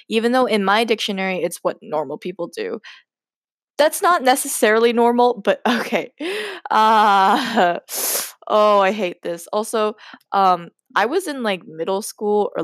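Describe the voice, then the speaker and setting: A woman's voice: mid-range voice, lively intonation, normal speed, dry recording, clean studio sound. A woman hosting a podcast, reading her old story aloud and breaking in with giggly, self-mocking asides. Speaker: podcast host.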